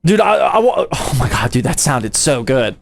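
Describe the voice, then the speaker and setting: A man's voice: medium pitch, very animated, normal speed, creaky. A young man from the United States, a PC building streamer, chatting casually with his live chat in a slangy, playful way.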